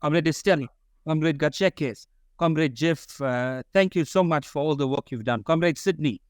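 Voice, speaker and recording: A man's voice: on the high side, moderate pace, clear, resonant tone, no room sound, clean studio sound. A man giving formal closing remarks at a symposium, earnest and solemn, calling everyone comrade over a video call. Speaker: symposium speaker.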